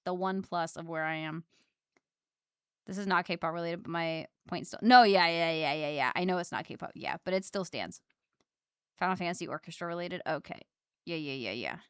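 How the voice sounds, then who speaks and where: A woman streaming while drawing, chatting casually with viewers and reacting with loud squeals and laughs. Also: lowish voice, moderate pace, smooth, no room sound, clean studio sound.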